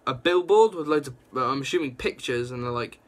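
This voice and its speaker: A young man recapping a comic book issue in a casual, excited ramble, full of "like" and quick reactions. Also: medium pitch.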